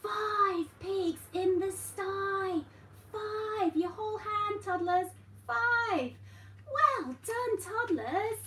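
A woman's voice: very high-pitched, very slow, bright, forceful tone. A woman teaching a class for toddlers, coaxing and playful in a sing-song way. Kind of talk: children's class. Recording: roomy sound, mic at a distance, faint noise.

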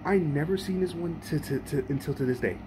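A man giving casual reaction commentary, animated and repeating himself, stumbling over his words. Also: fairly high pitch, fairly quick, noisy background. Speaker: vlogger.

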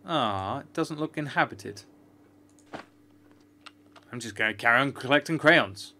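A man's voice: medium pitch, lively intonation, measured pace, bright, forceful tone, slight background noise. A man giving chatty, joking, sarcastic commentary while playing a video game. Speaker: gamer. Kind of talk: let's-play commentary.

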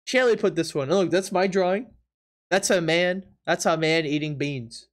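This man's voice sits high, and he talks at a moderate pace while live-streaming from home. Chatting easily with his audience, he breaks into frequent laughter, sounds incredulous at times, and pokes fun at his chat.

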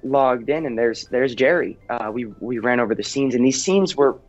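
A man's voice: mid-range voice, normal speed. A teenage boy actor chatting earnestly in an interview, with many ums and restarts. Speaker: actor guest. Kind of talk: casual interview chat. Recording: dull lo-fi sound with faint music.

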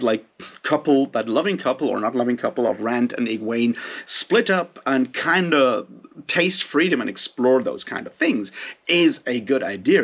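A man's voice: medium pitch, a bit bright, husky. A man giving a casual spoken book review, ranting in a heated, profane way.

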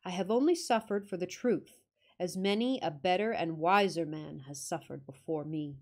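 Brief: bitter reclusive old scholar, measured and solemn, read by a woman narrator. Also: lowish voice, a little mellow. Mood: resigned.

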